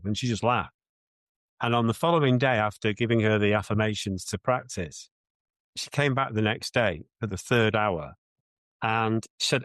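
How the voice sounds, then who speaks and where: Earnest low-voiced British man, dry sound. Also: a little fast, fairly bright tone, no room sound. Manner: earnest, reflective, with restarts. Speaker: mindset coach. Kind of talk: podcast interview answers.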